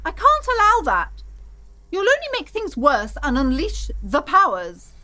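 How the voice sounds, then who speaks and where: A woman's voice: high voice, wildly swooping pitch, unhurried, sharp tone, full character voice. An actress voicing a nervous female shop owner in a video game, anxiously pleading with a customer to stay out of her back room. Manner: anxious and insistent. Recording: faint game music behind.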